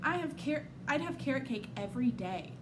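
A woman's voice: high voice, animated, brisk, background noise. A woman reading aloud, voicing a snobbish, jealous female pony in a haughty, mocking way. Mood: snooty.

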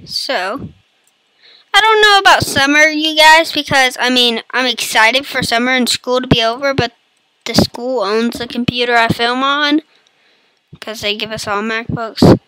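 Hoarse, high-pitched woman gaming. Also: a little slow, pushed and bright, no room sound, low-quality recording. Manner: playful, chatty, jokey asides to viewers. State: hoarse, losing her voice, coughing. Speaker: gaming YouTuber. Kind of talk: casual let's-play commentary. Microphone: computer mic.

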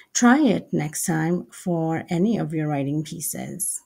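A woman teaching English writing step by step, slow and deliberate, repeating each example sentence. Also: low-pitched, lively intonation, creaky, mellow, slightly rough.

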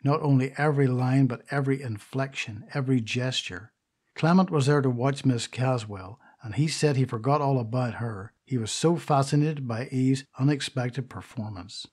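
A proud stage actress pours out her grievances in an audiobook, gossipy and indignant. Her voice sits in the middle range with a husky edge, as a man reads her part. She sounds put out but still poised. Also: medium pitch, moderate pace, darkish tone, close to an everyday voice. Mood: indignant gossip. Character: vain grand stage actress, middle-aged woman. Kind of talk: audiobook reading.

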